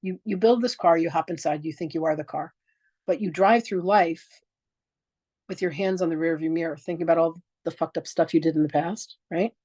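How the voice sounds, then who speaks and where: Brisk and low, slightly rough yet a little mellow, this woman's voice comes through a dry recording. In her sixties, she teaches a live online masterclass on spiritual practice, acting out quoted exchanges, telling stories animatedly, and speaking with frank emphasis and the odd swear word.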